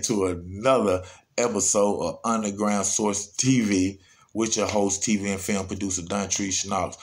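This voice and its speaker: A man with a Southern Atlanta accent, hosting his show and telling a story in animated, slang-heavy casual talk. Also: lowish voice.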